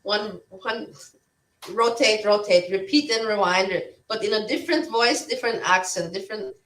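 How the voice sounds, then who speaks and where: A woman's voice: medium pitch, moderate pace, a bit bright, recorded from a distance. Blunt rambling woman streamer, roomy sound. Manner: blunt, rambling, swears freely. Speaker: livestream host. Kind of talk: casual livestream chat.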